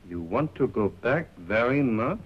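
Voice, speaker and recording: An actor playing a smooth, ingratiating bazaar owner who talks softly and courteously, in 1930s film acting. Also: male voice, medium pitch, big pitch swings, measured pace. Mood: coaxing. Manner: soft, coaxing, courteous. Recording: dull 1930s film soundtrack with faint hiss.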